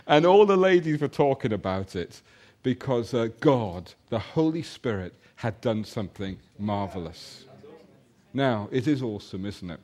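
Lively man preaching a sermon. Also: medium pitch. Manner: animated storytelling, slows for emphasis. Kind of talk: sermon with personal story.

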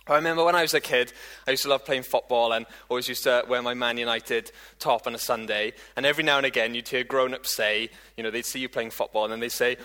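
A man's voice: medium pitch, fast talker, pushed and bright. A man giving a casual, humorous church talk, full of fillers and restarts as he chats with the congregation. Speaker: preacher.

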